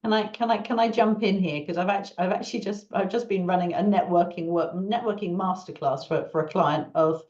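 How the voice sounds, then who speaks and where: A woman, a marketing consultant hosting an online Q&A, chatty and animated, acting out small talk. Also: on the low side, brisk, few pauses. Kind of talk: casual online Q&A. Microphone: video call. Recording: dull lo-fi video call audio.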